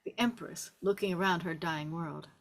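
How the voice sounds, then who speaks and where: A woman reading the stage directions in a table read, with steady, descriptive narration. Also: lowish voice, moderate pace.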